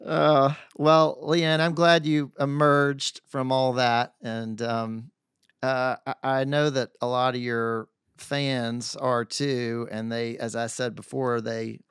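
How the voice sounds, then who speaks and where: Smooth-voiced male podcast host. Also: medium pitch, little pitch movement, fairly bright tone, no echo, clean studio sound. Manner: measured, halting questions with fillers. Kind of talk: interview.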